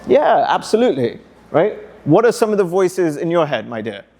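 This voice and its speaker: A man speaking as a motivational speaker to students, energetic, coaxing the audience with questions and call-and-response. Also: a little high, normal speed. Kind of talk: interactive talk to students. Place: school hall.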